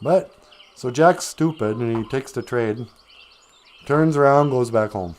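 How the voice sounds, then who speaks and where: Hosting a live stream, a man retells a fairy tale in a casual, comedic way, rambling off into joking asides. His voice is medium-pitched and his pace measured.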